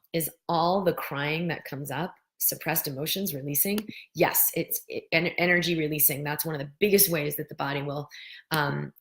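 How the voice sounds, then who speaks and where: A middle-aged woman hosting a live wellness stream, gently guiding listeners through breathing and answering viewer comments. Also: low voice. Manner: gentle, guides listeners through breathing, acts out worried voices.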